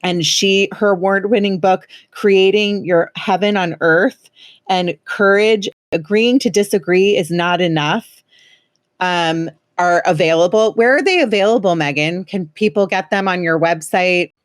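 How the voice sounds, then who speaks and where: A chatty woman in her thirties hosts a podcast, her voice sitting a little low. She jokes and teases in a loose, sarcastic way, recorded close and dry with no room sound. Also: unhurried, no echo. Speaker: podcast host. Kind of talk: casual podcast chat.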